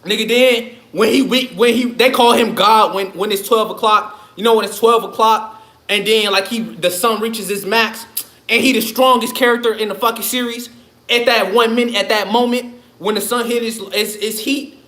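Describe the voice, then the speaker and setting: High-voiced man ranting profanely on a livestream. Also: fairly even intonation, normal speed, pushed and bright. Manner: profane, rambling, laughs often. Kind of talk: casual livestream rant. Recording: echoey room.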